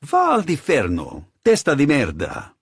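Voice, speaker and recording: A man's voice: sits low, big pitch swings, moderate pace, gravelly, slightly rough, dry recording, studio quality, pitched above the performer's own voice, heavily acted. A man voicing a hotheaded young mafia heir who snarls and curses in Italian, in an audiobook. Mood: snarling.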